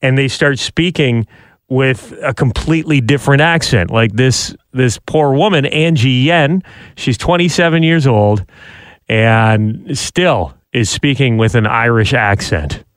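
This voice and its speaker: A man's voice: mid-range voice, measured pace, clean tone, no room sound. A male radio host telling stories in a casual chat, with a wry storytelling manner and joking asides.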